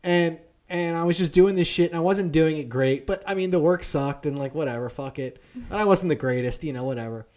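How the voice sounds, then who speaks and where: A young man co-hosting a podcast, telling a story in casual chat, profane and animated, acting out the people he quotes. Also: a little high, a little fast. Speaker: podcast co-host.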